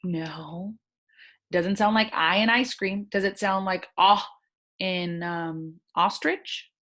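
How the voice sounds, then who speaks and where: Slow, gentle woman teaching phonics. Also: mid-range voice, steady tone. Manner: slow, gentle and encouraging, sounding out words. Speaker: first grade teacher. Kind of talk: recorded online phonics lesson.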